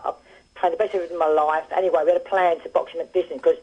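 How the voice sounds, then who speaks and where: A man's voice: on the high side, little pitch movement, fast talker, a little mellow. A man, a former boxer, telling rambling stories as a phone-in guest on a radio show. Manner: rambling anecdotal storytelling with restarts. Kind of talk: casual phone interview. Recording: muffled phone line.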